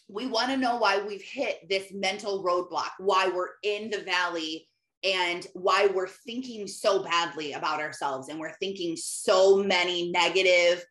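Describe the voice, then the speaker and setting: A woman's voice: fairly low pitch, a bit bright. A woman Christian life coach giving an emphatic, conversational motivational talk, often repeating phrases. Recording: roomy echo.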